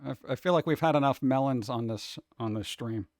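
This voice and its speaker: A man's voice: medium pitch, a little fast, darkish tone, no echo, studio quality. A man hosting a casual livestream, rambling from topic to topic with sarcastic jokes. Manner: rambling, jokey, sarcastic asides. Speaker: livestream host.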